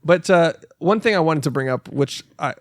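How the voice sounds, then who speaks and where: A man's voice: on the high side, lively intonation, normal speed, no room sound, clean studio sound. Rambling, profane podcast co-host, a man. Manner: rambling, profane, laughs a lot. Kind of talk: casual chat.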